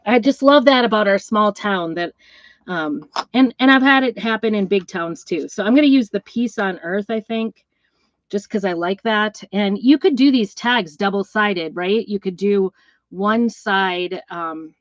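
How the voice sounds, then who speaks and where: A woman's voice: fairly low pitch, moderate pace, no room sound, dull audio. Chatty middle-aged woman crafting. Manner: rambling, storytelling, talks while working with her hands. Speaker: craft seller and host. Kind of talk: chatty live craft demonstration.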